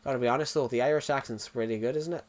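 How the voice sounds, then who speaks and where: A young man in his twenties live-streaming a game, talking to his chat at an ordinary middle pitch. He rambles loosely, often restarting sentences and repeating himself as he goes. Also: very fast, darkish tone. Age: 20s.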